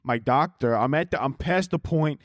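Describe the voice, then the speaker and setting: A man's voice: fairly high pitch, normal speed, no echo, clean studio sound, close to an everyday voice. A man voicing a foul-mouthed older Santa Claus with a Brooklyn accent, brash and boastful. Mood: griping.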